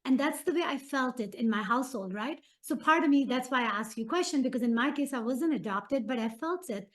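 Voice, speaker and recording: A woman with a somewhat high voice talks with engaged interest in a casual conversation. She asks follow-up questions and ties what she hears to her own life. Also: expressive, brisk. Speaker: podcast guest.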